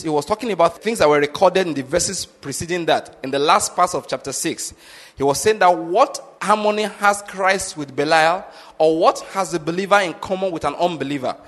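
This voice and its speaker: A male pastor preaching with insistent emphasis, often pausing to ask whether the congregation is following. His voice sits a little high for a man. The sound carries a long, hall-like reverb. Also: a bit bright. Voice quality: emphatic, drives points home with repeated check-in questions. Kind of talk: sermon.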